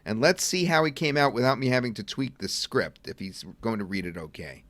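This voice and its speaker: A middle-aged man presenting a software demo in a casual webinar, chatting and thinking aloud as he clicks through at a computer. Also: mid-range voice, very animated, fairly quick. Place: at a computer desk.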